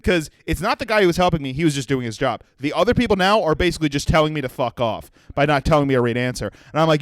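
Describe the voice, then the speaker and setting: A young man hosting a comedy podcast, telling a profane, animated story and acting out the people in it. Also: a little high, rapid-fire, hardly any pauses, dry recording. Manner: profane, animated, acts out voices in his story.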